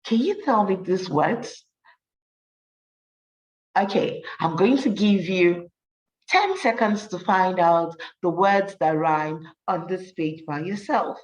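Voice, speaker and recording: A woman reading a picture book aloud to young children as a teacher, slowly and encouragingly, stopping to practise rhyming words. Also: lowish voice, lively intonation, far from the mic, poor audio. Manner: slow, sing-song and encouraging, praises often. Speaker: storyteller and teacher.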